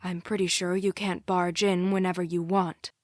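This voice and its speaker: A woman's voice: fairly low pitch, flat delivery, moderate pace, darkish tone, no room sound, clean studio sound, close to an everyday voice. Woman doing a curt, seething father. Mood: curt, defiant. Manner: curt, derisive. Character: angry, tense father, curt and defiant.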